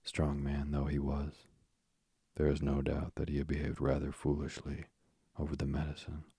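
Deep gravelly male storyteller. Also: completely flat delivery, moderate pace, warm tone, dry recording, studio quality. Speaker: narrator. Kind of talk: audiobook narration of a classic children's story.

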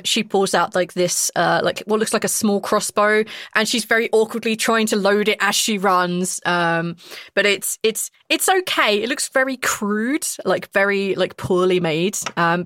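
A woman's voice: mid-range voice, a bit bright, no room sound, clean studio sound. A woman narrating as game master in a casual tone, full of fillers. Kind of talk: narrating a tabletop role-play.

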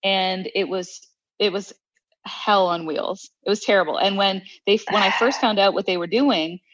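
A woman's voice: medium pitch, normal speed, a bit bright, no room sound, muffled recording. A woman co-hosting a podcast who tells stories in a wry, laughing way. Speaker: podcast co-host. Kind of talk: casual storytelling chat.

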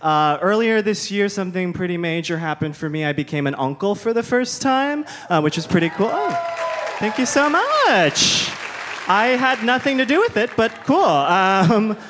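A man's voice: high-pitched, animated, normal speed, few pauses, noisy background. A young man performing a stand-up comedy set, chatty and self-deprecating. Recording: comedy club with laughing crowd. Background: audience laughter.

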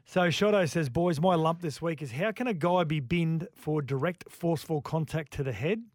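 A man's voice: on the high side, normal speed, no room sound. A man hosting a sports radio show, chatting casually and reading out listener texts.

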